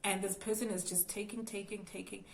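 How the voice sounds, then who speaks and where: A woman's voice: mid-range voice, flat delivery, a little fast, gravelly, a little hiss or hum, rough recording. A young South African woman with a South African accent, telling her viewers a storytime vlog about being cheated on, acting out her own thoughts and speaking straight to the audience. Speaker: YouTuber.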